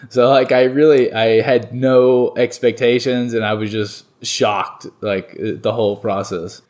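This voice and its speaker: A man's voice: mid-range voice, normal speed, hardly any pauses. Young guy from north carolina, rambly, lots of likes and uhs, chatting in an interview. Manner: rambling, many fillers and restarts. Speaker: baseball player guest. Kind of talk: casual interview storytelling.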